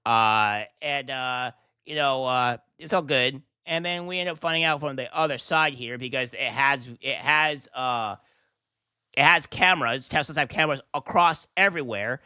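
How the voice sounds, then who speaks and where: A man's voice: medium pitch, normal speed, pushed and bright, smooth, no echo, studio quality. A man hosting a reaction commentary vlog, talking in an indignant, ranting way with rhetorical questions. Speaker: political commentary host.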